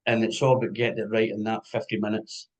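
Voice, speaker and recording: Scottish man, lively interviewer. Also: fairly low pitch, quick pace, poor audio. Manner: animated storyteller, swears and jokes. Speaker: music interviewer. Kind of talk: casual interview chat.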